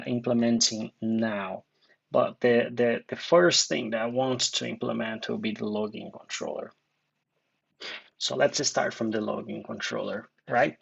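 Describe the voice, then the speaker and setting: A man teaching a coding tutorial, thinking aloud with many fillers and restarts, recorded in a dark room at his computer. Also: medium pitch, gravelly, slightly rough, highs cut off. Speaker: coding instructor.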